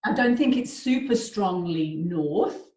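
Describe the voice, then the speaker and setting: A woman's voice: lowish voice, lively intonation, takes it slowly, darkish tone, roomy sound. A middle-aged woman with a mild Australian accent, chatting casually on a video call as a guest, laughing easily and restarting her sentences. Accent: Australian, softened by years in southern England. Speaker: guest, therapist and painter.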